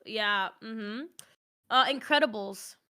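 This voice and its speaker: A woman's voice: fairly high pitch, takes it slowly, bright, forceful tone, clear, resonant tone. A woman chatting casually with her stream audience, rambling with lots of "like" fillers and laughing easily. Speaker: streamer co-host. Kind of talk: casual livestream chat.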